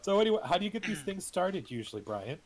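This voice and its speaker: A man's voice: high voice, sing-song, fast. A middle-aged man playing in a tabletop game, joking around and then introducing his character with some hesitation. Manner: joking, hesitant, with many ums. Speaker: player. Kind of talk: casual chat and character introduction.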